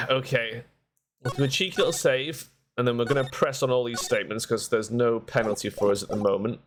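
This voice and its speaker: A man's voice: mid-range voice, fairly even intonation, a little fast, background noise. A man giving casual, self-deprecating commentary while streaming a game.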